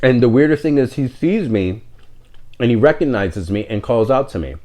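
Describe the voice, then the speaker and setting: A man's voice: mid-range voice, expressive, moderate pace, dark tone, a little hiss or hum. A middle-aged man, telling a personal story in a candid, rambling, conversational way. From New York City. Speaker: podcast host.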